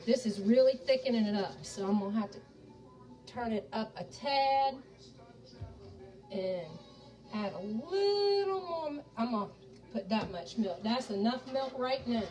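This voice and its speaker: A woman's voice: a little high, expressive, unhurried, darkish tone, recorded from a distance, rough recording. Folksy Southern woman cooking live. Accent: Southern American. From Charleston, South Carolina. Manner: folksy, chatty, talks to viewers as y'all while cooking. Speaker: cooking show host. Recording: voice a bit off-mic with faint music behind.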